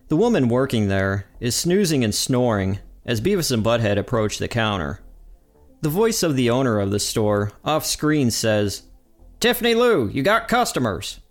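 An energetic man hosts his podcast and walks through a cartoon episode scene by scene. His voice sits in an ordinary middle pitch. A faint music bed runs quietly behind him. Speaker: podcast host. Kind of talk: episode recap narration.

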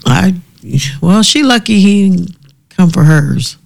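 A man's voice: sits high, lively intonation, slow pace, creaky. A man co-hosting a casual chat, reading out strange news stories between laughs. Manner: laughs often, reads stories aloud with banter. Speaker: podcast co-host.

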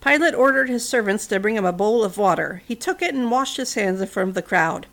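A woman's voice: mid-range voice, expressive, fairly quick, a bit bright. A woman casually retelling a Bible story, mixing narration with chatty, wry asides and fillers.

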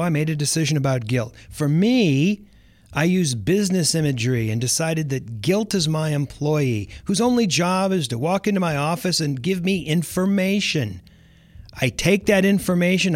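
Middle aged guy doing his podcast monologue, keeps throwing questions at you, slightly high voice. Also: no echo, clean studio sound. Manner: lively, with many rhetorical questions to the listener. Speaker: podcast host.

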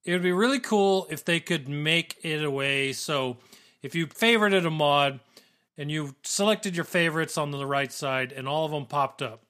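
A man with a slightly raised pitch and a bright tone rattles off ideas in long run-on sentences. It is casual podcast banter and he laughs easily. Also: normal speed. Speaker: podcast co-host. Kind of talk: casual gaming podcast chat.

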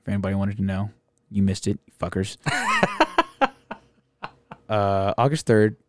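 Animated young man telling stories. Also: on the low side, unhurried, no echo. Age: 20s. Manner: animated, profane, acts out friends' voices. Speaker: podcast guest. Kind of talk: casual storytelling chat.

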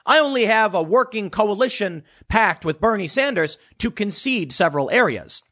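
A man giving casual political commentary in an animated way, now and then mocking others with put-on voices. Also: sits high, moderate pace.

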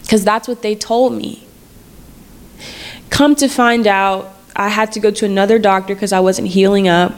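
A woman in her twenties hosts a personal storytelling podcast at an ordinary pitch. She speaks candidly and conversationally. She often repeats words and phrases for emphasis. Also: moderate pace, smooth. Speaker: podcast host.

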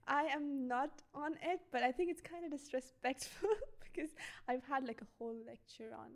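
A young woman in casual chat as a guest, hesitant and soft-spoken, laughing often. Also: high voice, normal speed.

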